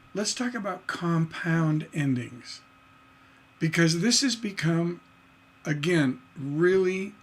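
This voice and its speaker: A man's voice: a little high, gravelly. A man teaching songwriting on a livestream, enthusiastic and singing rhythm syllables to show his points. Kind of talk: livestream lesson.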